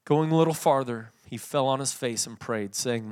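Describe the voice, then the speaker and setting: A man preaching a sermon, swinging from loud emphatic passages to soft, quiet readings. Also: medium pitch, moderate pace, hardly any pauses, clear, resonant tone. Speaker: pastor.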